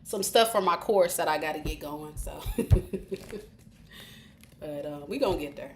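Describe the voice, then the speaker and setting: A woman with a low voice gives a casual, talkative tarot reading on a livestream, addressing viewers directly at a moderate pace. The recording sounds roomy and echoey with faint hiss.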